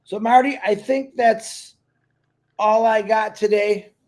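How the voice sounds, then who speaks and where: A man's voice: high voice, steady tone, slow, darkish tone. A man co-hosting a live stream in casual chat, upbeat and teasing, giving encouragement over a video call mic. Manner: upbeat, teasing, pep-talk delivery.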